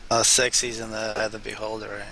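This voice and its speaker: Man, mid-pitched bright voice, casual game co-caster. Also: little pitch movement, brisk, gravelly, slight background noise, low-quality recording. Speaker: game commentator.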